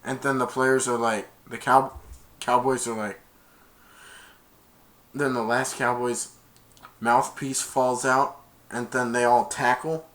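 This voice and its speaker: A man casually retelling a movie plot as a reviewer, stringing events together with "and then" and jumping into loud high-pitched character quotes. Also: little pitch movement, slow pace, pauses often.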